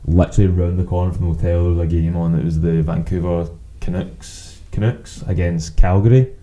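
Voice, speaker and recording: Deep and steady, this Scottish co-host's dark-toned voice moves fairly quickly through a rough recording. His casual podcast chat is made of rambling anecdotes laced with swearing, where he plays out both parties in quoted exchanges.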